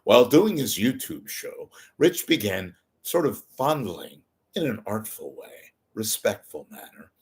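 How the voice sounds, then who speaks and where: A man's voice: fairly low pitch, big pitch swings, unhurried, hardly any pauses. A man putting on the voice of an older male news anchor, reporting with solemn newscaster delivery as a comic impression. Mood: mock-reporting.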